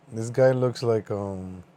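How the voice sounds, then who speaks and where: A man's voice: lowish voice, warm tone, a little hiss or hum. A man hosting a livestream, giving casual reaction commentary. He laughs a lot and swears freely. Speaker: livestream host.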